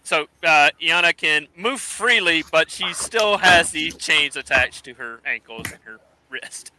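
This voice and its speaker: A man narrating a tabletop game as game master, halting often with fillers as he thinks. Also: fairly high pitch, lively intonation, sharp tone, poor audio.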